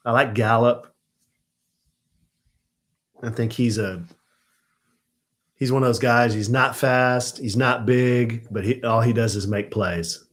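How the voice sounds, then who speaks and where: A middle-aged man hosting a casual live stream from home, chatting with viewers and ranting in exasperation. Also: a bit bright. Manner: chatty, turns exasperated and high-pitched when ranting.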